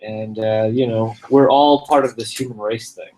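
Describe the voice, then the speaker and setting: A man doing improvised stage comedy, delivering his lines in a halting, offhand, deadpan way. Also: on the low side, far from the mic, slight background noise, poor audio. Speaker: comedy performer.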